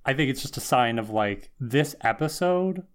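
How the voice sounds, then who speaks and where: A man's voice: medium pitch, normal speed, smooth. A man co-host walking through scenes of a show. He acts out the characters' lines and chuckles between them, and his tone stays chatty and amused. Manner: animated retelling with quoted lines and chuckles. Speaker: podcast co-host. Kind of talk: casual chat recapping a TV episode.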